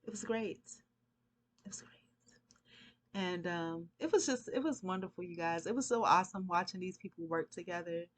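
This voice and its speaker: A woman's voice: lowish voice, normal speed. A woman vlogging, telling a long casual story in a rambling, chatty way and laughing often.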